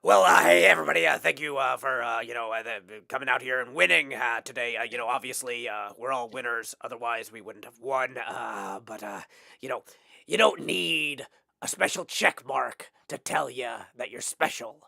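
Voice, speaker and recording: A man's voice: mid-range voice, normal speed, gravelly, pushed and bright, dry recording, voice pushed down. A man putting on a drawling cowboy voice for a rambling mock victory speech, full of hesitant "uh" fillers. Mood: folksy. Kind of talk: mock acceptance speech on a livestream.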